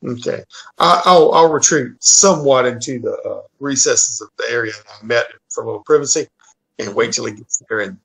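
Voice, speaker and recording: A man's voice: medium pitch, brisk, vocal fry, fairly bright tone, slightly rough, rough recording. A man playing a tabletop game, describing his moves with stammering restarts. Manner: stammering restarts, laughing easily. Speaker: player. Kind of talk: casual tabletop play.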